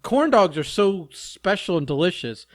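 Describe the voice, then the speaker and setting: A man with a somewhat high-pitched voice, chatting casually as a podcast co-host. He teases his partner and rambles, with plenty of "like" along the way. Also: big pitch swings, unhurried. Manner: teasing, rambling with many fillers. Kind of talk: casual chat.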